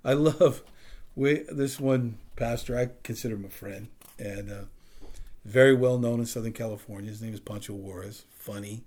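A male pastor preaching a sermon and closing in prayer, animated, swinging between loud emphasis and soft, low passages. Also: moderate pace.

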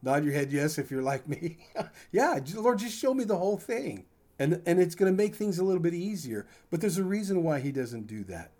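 Starszy pastor o nieco wyższym głosie. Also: male voice, on the high side, expressive, moderate pace, darkish tone. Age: older. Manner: conversational, folksy preaching with asides to the congregation. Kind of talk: sermon.

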